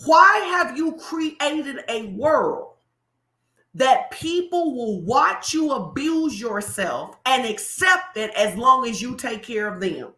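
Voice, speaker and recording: A blunt male fitness coach, as a woman puts him on, firing pointed questions in a high, bright voice. He is tough but caring, never easing off. The sound carries in an echoey room. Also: sing-song, normal speed, heavily acted. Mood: probing.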